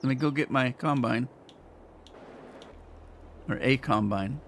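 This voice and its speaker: A man's voice: mid-range voice, slow, creaky, fairly bright tone, a little hiss or hum. A man chatting casually as he plays a farming game on a live stream, rambling and teasing himself as he goes. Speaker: gaming streamer. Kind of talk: casual gameplay commentary.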